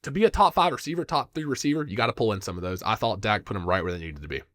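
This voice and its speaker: A man's voice: on the low side, racing, a bit bright, no echo, studio quality. A man co-hosting a casual sports podcast, giving confident takes. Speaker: podcast co-host.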